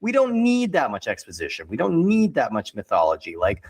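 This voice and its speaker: Podcast panelist, male, mid pitch, rambling conversational delivery, dry sound. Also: wildly swooping pitch, a little fast, slightly rough, dry recording. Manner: rambling, heavy on fillers like "like" and "you know". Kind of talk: casual film discussion.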